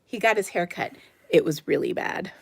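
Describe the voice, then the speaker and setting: A woman's voice: mid-range voice, normal speed, gravelly, slightly rough, no room sound. A middle-aged woman hosting a craft class live stream from her home craft room on a phone camera, chatty and rambling with fillers and laughs. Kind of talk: casual live-stream chat.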